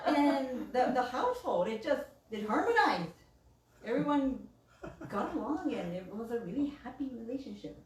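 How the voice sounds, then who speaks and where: A woman's voice: sits high, echoey room, distant mic, low-quality recording. A woman minister giving a casual sermon, chatty, laughing often and acting out the voices she quotes.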